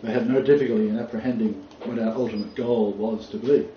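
A man's voice: lowish voice, fairly even intonation, fast talker. A man preaching a sermon, quoting scripture emphatically and rising on key phrases. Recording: roomy, distant, dull, faint noise.

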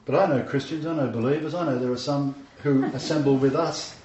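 A man's voice: mid-range voice, fairly even intonation, fairly quick, darkish tone, slight background noise. A man preaching a sermon, emphatic and repeating his scripture references as he speaks. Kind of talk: sermon with congregation interjections. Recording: echoey room, dull sound from far off.

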